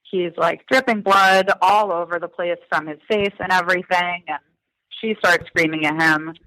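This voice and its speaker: His voice sits high and sharp, fairly even in intonation and moderate in pace, as this Massachusetts man in his thirties talks thoughtfully during a podcast interview. He is a guest there as the son of a crime victim, and he fills pauses with "um" and "like." There's no echo, but the recording quality is low.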